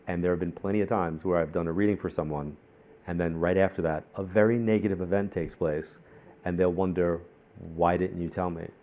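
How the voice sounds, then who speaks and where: Low-voiced male psychic-medium guest from Long Island, quick, animated onstage storyteller. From Long Island, New York. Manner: talks fast and repeats himself when in the zone. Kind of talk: live onstage conversation.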